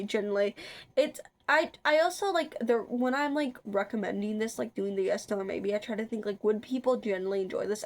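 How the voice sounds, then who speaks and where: A chatty young woman with a slightly high voice talks casually to her viewers. She rambles, trips over her words and fills gaps with likes and ums. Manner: rambling, chatty, frequent filler words and restarts. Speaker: vlogger. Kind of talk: casual chat.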